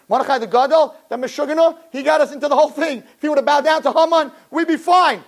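A man giving an impassioned sermon to girls, swinging from low murmurs to high shouts and acting out dialogue. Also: fast talker, hardly any pauses, poor audio. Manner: acts out dialogue in character voices. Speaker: religious teacher.

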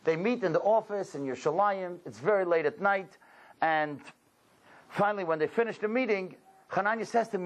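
A man's voice: high voice, fairly quick, rough recording. A man giving a storytelling talk to a congregation, exclaiming and asking rhetorical questions. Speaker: religious speaker.

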